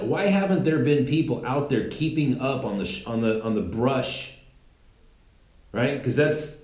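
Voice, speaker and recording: A man's voice: medium pitch, darkish tone, echoey room, rough recording. A middle-aged man from California hosting a political commentary show, talking in an emphatic opinionated monologue with many restarts.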